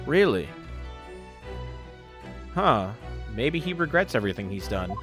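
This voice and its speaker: A man's voice: mid-range voice, sing-song, measured pace, long pauses, music in the background. A man streaming and reading a game aloud, tossing out laid-back, joking asides. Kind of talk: casual game commentary.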